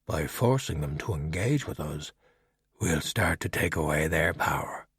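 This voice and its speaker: A man voicing a calm, witty skeleton detective in an audiobook, speaking in a measured, wry and unhurried way. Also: rumbling low, husky, no echo, voice pushed down, exaggerated voice. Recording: dry close audiobook recording.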